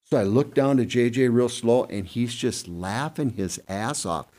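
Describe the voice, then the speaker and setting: A man telling hunting stories casually on a panel, acting out quick asides with an animated delivery. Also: medium pitch. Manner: animated, acts out deer and buddies in quick asides. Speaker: guest hunting expert. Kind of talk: casual storytelling on a podcast panel.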